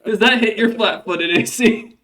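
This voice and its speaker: A man narrating as game master for a tabletop game, in loose, halting speech full of fillers. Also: high-pitched, sharp tone.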